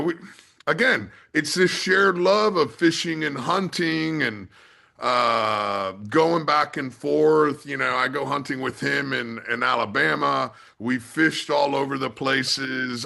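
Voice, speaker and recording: A man's voice: medium pitch, takes it slowly, gravelly, bright, forceful tone. A man in his fifties who hosts a podcast, chatting casually and telling anecdotes. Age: 50s. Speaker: podcast host.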